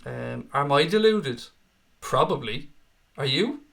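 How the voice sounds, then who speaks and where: A man's voice: mid-range voice, expressive, takes it slowly, creaky, fairly bright tone. A young Irish man hosting a live stream, reading out viewer comments and answering them bluntly, with plenty of swearing. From Ireland. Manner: blunt, profane, reads out chat comments. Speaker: livestream host. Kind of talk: casual live-chat stream.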